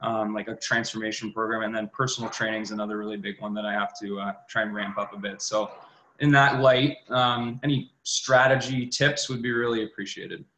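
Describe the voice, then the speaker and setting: Young male caller, bright tone, hesitant, roomy call sound. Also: on the low side, fairly even intonation, brisk, a little hiss or hum. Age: young adult. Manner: hesitant, many fillers and restarts. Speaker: trainer asking a question. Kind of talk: casual question on a group call.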